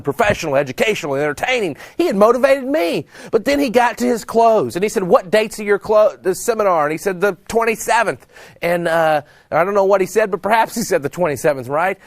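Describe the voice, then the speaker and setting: Animated man telling sales stories. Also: sits high, dry recording. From Texas. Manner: animated storyteller, acts out dialogue. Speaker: sales trainer and speaker. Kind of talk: storytelling sales talk.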